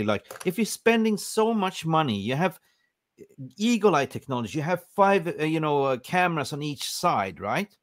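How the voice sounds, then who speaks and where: A man's voice: on the high side, big pitch swings, normal speed, no echo, clean studio sound. A man hosting a football podcast, ranting emphatically in casual chat. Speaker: podcast host.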